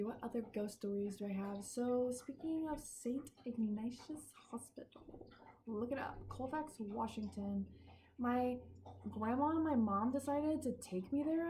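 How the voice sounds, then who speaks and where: A woman's voice: a little high, warm tone, slight background noise. A young woman vlogging outdoors in her backyard, rambling and giggling and often sidetracked, recorded on a phone. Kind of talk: casual chat.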